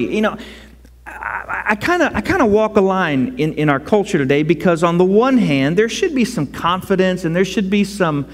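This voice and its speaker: A man preaching a sermon as pastor, conversational and animated, rising to loud cries. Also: high voice, normal speed. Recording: long hall reverb.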